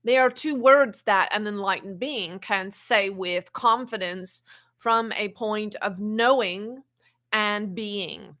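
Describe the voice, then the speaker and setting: A woman channeling an ancient wise spirit in a spiritual teaching talk, speaking slowly and haltingly and often repeating words. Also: medium pitch, fairly bright tone. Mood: calm teaching. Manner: slow, halting, repeats words while searching.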